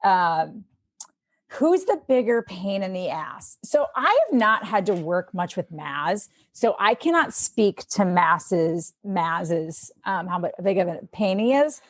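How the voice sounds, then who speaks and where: A woman with a Midwestern accent, a sports anchor, chatting as a podcast guest and telling stories in a lively way. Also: medium pitch, slow, no room sound. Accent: Midwestern American. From Milwaukee, Wisconsin. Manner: chatty, animated storyteller. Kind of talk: casual interview chat.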